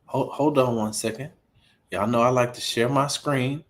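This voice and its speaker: A man hosting a casual sports talk livestream, animated and incredulous, repeating himself as he gets worked up. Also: normal speed. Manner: animated, incredulous, repeats himself, rising pitch when riled up. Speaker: host of a sports talk stream.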